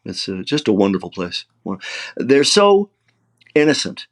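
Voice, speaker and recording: A man's voice: lowish voice, moderate pace. Older man telling emotional stories. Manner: emotional, animated anecdotes with acted-out quotes. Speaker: actor guest. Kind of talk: conversational interview storytelling.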